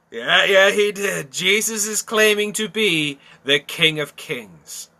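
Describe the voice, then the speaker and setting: Guy teaching the bible, kinda high voice, slow and emphatic, repeats himself a lot. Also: bright, forceful tone. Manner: emphatic, repeats phrases, asks rhetorical questions.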